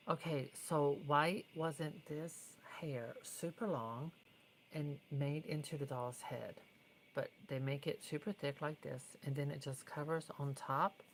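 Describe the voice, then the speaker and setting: A woman with a very low, deep voice giving a casual hands-on tutorial. She is chatty and opinionated, and now and then slips into a soft whisper. A faint hum of room noise sits behind her. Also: rough recording. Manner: chatty, opinionated, drifts between soft whispers and fuller speech. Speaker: doll customizer vlogger.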